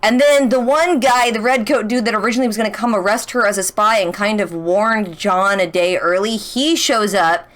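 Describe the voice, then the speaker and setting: A young woman chatting casually as she recaps a TV episode. She is excitable, full of "like" and rhetorical questions. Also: mid-range voice, moderate pace, few pauses. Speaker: reaction channel host.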